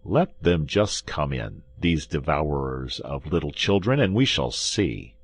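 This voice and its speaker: A man reading as a calm swordsman in an old adventure tale who mocks his attackers from behind a cellar door. The voice is deep and unhurried, dry in its jeering. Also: husky, exaggerated voice.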